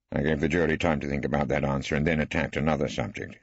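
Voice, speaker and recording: Husky male audiobook narrator. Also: a bass voice, quick pace, few pauses, no echo. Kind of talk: first-person scripted narration. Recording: dry, slightly dull studio.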